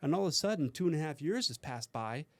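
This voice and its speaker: A man's voice: a little high, lively intonation, fast, dry recording. A man speaking as a podcast guest, giving earnest motivational talk about goals in a casual conversation. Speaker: podcast guest, mindset coach.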